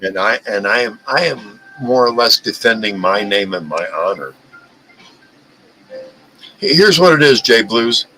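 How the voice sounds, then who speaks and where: A man's voice: lowish voice, animated, measured pace, long pauses, sharp tone, a little hiss or hum, low-quality recording. A man hosting a live stream, talking in a heated, profane rant and often stumbling over and repeating his words. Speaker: livestream host.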